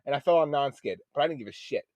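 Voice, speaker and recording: A man, a Navy veteran, telling a rowdy story in casual podcast chat, swearing freely and jumping into loud quoted outbursts. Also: medium pitch, expressive, fast, no room sound.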